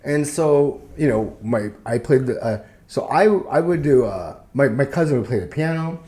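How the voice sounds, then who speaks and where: Animated man telling stories. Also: mid-range voice, normal speed. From Canada. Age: middle-aged. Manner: animated, acts out family voices in anecdotes. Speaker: guest comedian. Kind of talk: casual storytelling.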